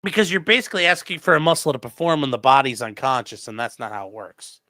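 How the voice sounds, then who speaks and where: A man's voice: medium pitch, fast, bright, forceful tone, no echo, studio quality. A man who is a defense attorney, casually commenting on a livestream and reading chat messages aloud in a loose, profane way.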